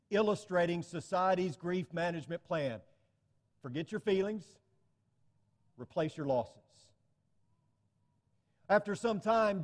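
A man's voice: on the high side, a little mellow, big-room sound. A man preaching a sermon to his congregation, earnest and telling stories to illustrate his points. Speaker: pastor.

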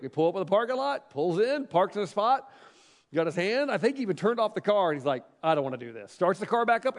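A middle-aged male pastor telling a personal story in a sermon, animated and emphatic, repeating phrases for effect. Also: high-pitched, long reverb tail.

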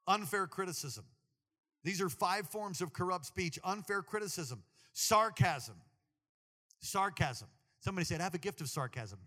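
A man preaching a sermon to a congregation, animated and jokey, talking straight to the people in the church. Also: sits high, normal speed, in a large hall. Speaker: pastor.

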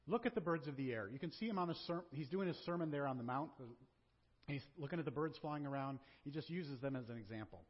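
Man, pastor, Southern American accent, sermon, husky voice, dull lo-fi church recording. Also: medium pitch, fast talker. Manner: conversational preaching with rhetorical questions. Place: church sanctuary. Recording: dull sound with long hall reverb.

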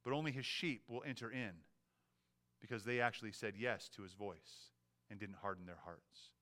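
A male pastor preaching an earnest sermon, swelling to emphatic peaks and dropping to quiet, hushed moments. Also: lowish voice, fairly even intonation, normal speed.

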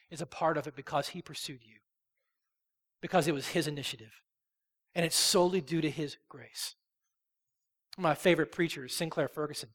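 Male pastor, high voice, emphatic sermon delivery, long hall reverb. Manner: emphatic, swells loud on key phrases then drops soft. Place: church sanctuary.

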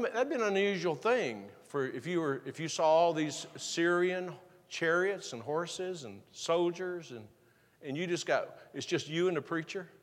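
A man's voice: on the high side, long reverb tail. A man preaching a sermon, reading scripture and retelling it in a casual, folksy way. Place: church sanctuary.

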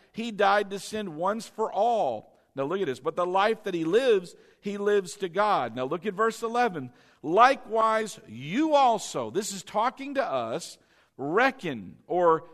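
A man with a high voice preaches to his congregation, hammering his points by repeating questions and having them say lines back. His voice rings with the long reverb of a church hall. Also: fairly bright tone. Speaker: pastor. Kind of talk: sermon.

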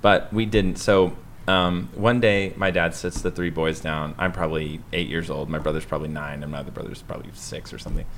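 A man's voice: sits low, fairly quick, a little hiss or hum. A man co-hosting a podcast, telling a story in casual chat, self-mocking and laughing as he goes. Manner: animated, self-mocking storyteller who laughs mid-sentence. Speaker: podcast co-host.

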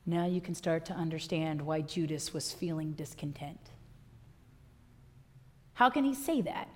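A woman pastor preaching a sermon with impassioned delivery, swinging from loud declarations to hushed lines. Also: deep voice, animated, unhurried, long pauses.

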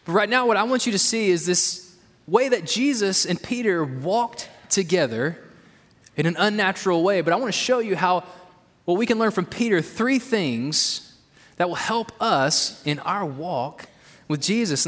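Lively high-voiced pastor preaching. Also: male voice, unhurried, in a large hall. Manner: conversational, with "right?" asides. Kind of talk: sermon. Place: church sanctuary.

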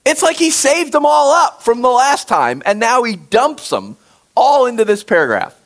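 A man preaching a conversational sermon, reading scripture aloud and talking directly to his congregation in an animated way. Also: extremely high pitch, moderate pace. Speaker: pastor.

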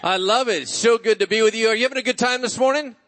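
A man's voice: very high voice, fairly bright tone, rough recording. A man hosting a church service, introducing a guest speaker in an upbeat way. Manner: upbeat, fast-talking. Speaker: pastor. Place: large church.

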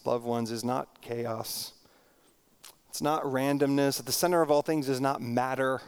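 A middle-aged pastor preaches a sermon earnestly and reflectively, slowing down for emphasis and often repeating words. His mid-range voice is steady and clean in tone.

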